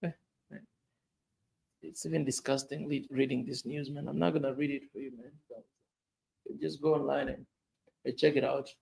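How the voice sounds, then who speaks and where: A man's voice: medium pitch, flat delivery, moderate pace, creaky, pauses often, a little mellow, a little hiss or hum. A man giving impassioned, casual commentary on the news, repeating himself and saying "man" often. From Tanzania. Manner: emotional, repetitive, says "man" often, voice rising in outrage.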